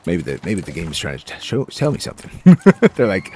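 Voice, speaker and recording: A man giving casual, excitable commentary while playing a game, joking and talking to himself and the game. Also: sits low, a little fast, faint music behind. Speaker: gameplay streamer.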